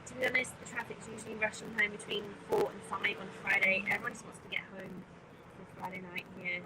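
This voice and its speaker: A woman's voice: medium pitch, flat delivery, fast. A woman chatting casually to viewers on a phone livestream while riding a bus in traffic, rambling and greeting people by name. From England. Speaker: vlogger livestreaming. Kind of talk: casual live chat with viewers. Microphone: phone held in hand. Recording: phone audio with vehicle noise. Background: bus engine and road noise.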